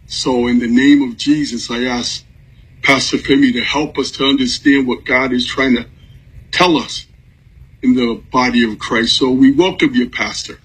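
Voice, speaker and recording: A man's voice: medium pitch, steady tone, normal speed, a bit bright, husky, low-quality recording. A man hosting a Christian broadcast, earnestly introducing a guest pastor. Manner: earnest, speaks of what he heard from God. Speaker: broadcast host.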